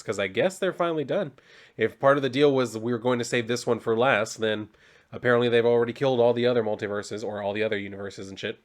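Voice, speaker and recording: Casual, swearing comic recap guy. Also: mid-range voice. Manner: casual, swears, filler-heavy. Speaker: comic book reviewer.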